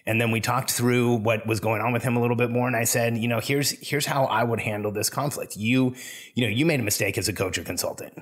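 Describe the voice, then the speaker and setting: A man's voice: mid-range voice, fairly even intonation, fast. A man hosting a solo podcast, earnestly telling a story and giving advice. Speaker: podcast host.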